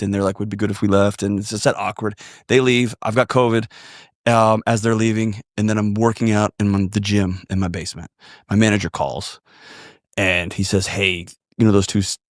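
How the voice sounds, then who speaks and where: A man with a drawl telling a personal story on a podcast in an earnest, animated way. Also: fairly low pitch, no room sound, studio quality. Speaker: podcast guest. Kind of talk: storytelling conversation.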